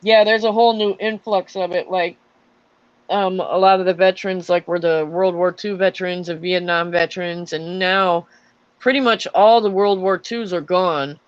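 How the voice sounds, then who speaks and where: A woman's voice: fairly low pitch, fairly even intonation, normal speed, clear, resonant tone, no room sound, lo-fi sound. A young adult woman who is an army veteran, telling stories in a casual chat with lots of fillers and restarts. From Florida. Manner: rambling storytelling with many fillers.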